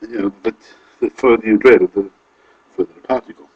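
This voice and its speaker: Rambling Welsh man, husky. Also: fairly low pitch, fairly even intonation, a little fast, muffled recording. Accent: Welsh, Carmarthenshire. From Wales. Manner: rambling, self-correcting. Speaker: vlogger. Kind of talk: casual monologue to camera.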